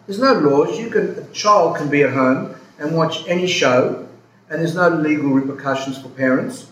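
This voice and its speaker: Male priest, casual rambling talk, slightly high voice, echoey room. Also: normal speed, a bit bright, dull audio. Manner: rambling, self-interrupting storytelling. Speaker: Orthodox priest giving a talk. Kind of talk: casual spoken talk with questions. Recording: roomy hall, background noise.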